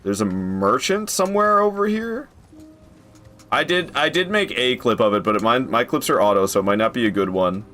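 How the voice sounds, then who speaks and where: A man giving casual live commentary on a game, excitable, swearing casually and talking to his chat. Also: medium pitch, normal speed, faint music behind. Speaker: game streamer.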